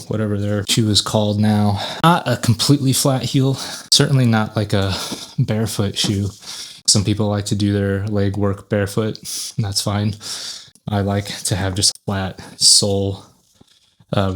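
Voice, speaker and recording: Chatty low-voiced gym vlogger man. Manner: chatty, rambling, self-correcting. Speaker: fitness YouTuber. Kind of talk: casual workout vlog talk.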